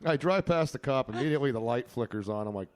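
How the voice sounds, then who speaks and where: A man hosting a loose podcast chat, joking around and spinning anecdotes between laughs. His voice sits in an ordinary middle pitch. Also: expressive, quick pace. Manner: storytelling, joking, laughs often. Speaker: podcast host. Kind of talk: casual chat.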